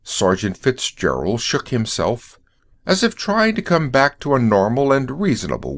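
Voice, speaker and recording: A man narrating a story in a slow, clear audiobook reading for English learners. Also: mid-range voice, big pitch swings. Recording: dry close recording.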